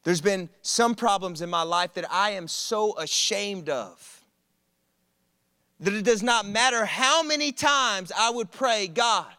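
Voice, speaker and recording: A man preaching a sermon, telling stories in an animated, conversational way with humor. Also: sits high, a little slow, clear, resonant tone, no room sound, studio quality. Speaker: preacher at a college ministry. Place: church service.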